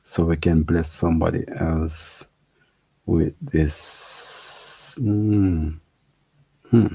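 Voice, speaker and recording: A man's voice: low voice, steady tone, very slow, vocal fry, mellow, breathy edge, dry recording. A man with a Jamaican accent hosting a casual livestream, chatting with viewers, laughing and repeating himself. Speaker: livestream host. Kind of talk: casual livestream chat reading comments.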